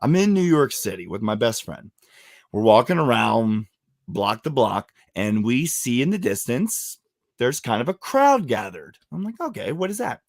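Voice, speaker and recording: A man's voice: medium pitch, a little slow, dry recording, clean studio sound. A man from West Virginia hosting a casual podcast, telling stories with plenty of swearing and laughter. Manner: animated storyteller, swears freely, laughs often. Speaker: podcast host.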